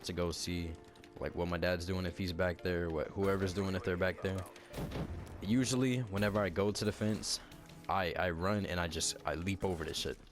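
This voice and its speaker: Young male vlogger, lowish voice, animated and profane, loose storytelling over music. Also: normal speed. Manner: animated, heavy swearing and slang. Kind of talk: casual storytelling. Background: background music.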